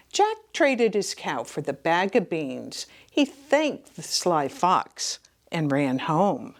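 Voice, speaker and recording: Children's librarian, middle-aged woman, unhurried and lively storytime reader who drops to whispers. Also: deep voice, vocal fry. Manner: animated, slipping into hushed whispers and gasps. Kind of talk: reading a picture book aloud to children.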